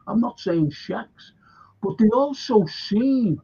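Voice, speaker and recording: A man with a Liverpool accent tells history stories in a chatty, wandering way. He often breaks into little acted-out voices for the people in his tales. His voice sits high and a little husky, and it comes through muffled, lo-fi livestream audio. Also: animated, slow pace, mellow. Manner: rambling anecdotes, acts out quoted voices. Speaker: local historian. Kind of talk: livestream storytelling chat.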